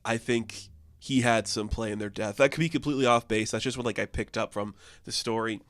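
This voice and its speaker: A man's voice: fairly low pitch, steady tone, brisk, fairly bright tone, dry recording. Rambling young man reviewing comics. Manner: rambling, heavy on filler words. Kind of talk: casual review chat.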